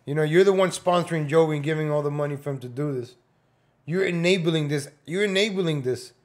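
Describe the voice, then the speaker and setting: A man with a somewhat high voice hosts a reaction commentary. He talks bluntly and mockingly over a clip, swearing freely. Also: brisk. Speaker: commentary host.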